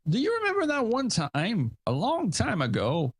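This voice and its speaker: A man's voice: high-pitched, wildly swooping pitch, normal speed, husky, dry recording. A male podcast host chatting casually, rambling with fillers and self-deprecating asides, a father of young kids. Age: adult with young kids. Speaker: show host.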